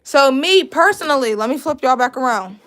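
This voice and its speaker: A woman's voice: sits high, animated, moderate pace, a bit bright. A young woman, chatting casually as she teaches a live braiding class and answers viewer questions. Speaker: braiding instructor.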